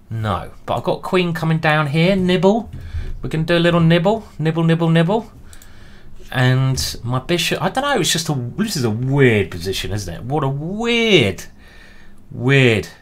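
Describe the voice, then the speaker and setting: A man giving animated, self-mocking running commentary while he plays speed chess online. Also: medium pitch, a little hiss or hum. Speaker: chess streamer. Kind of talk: thinking aloud while playing speed chess.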